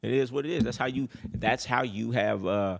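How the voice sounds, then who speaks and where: A man's voice: mid-range voice, moderate pace, gravelly. A man hosting a dating advice talk in a casual monologue, blunt, boastful and profane, who repeats his points for emphasis.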